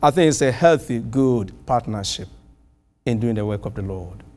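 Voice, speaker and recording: A middle-aged man from outside the US with a foreign accent, preaching a sermon and telling a personal story with lively, animated delivery. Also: normal speed. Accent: non-American. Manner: animated storytelling, pitch swinging widely.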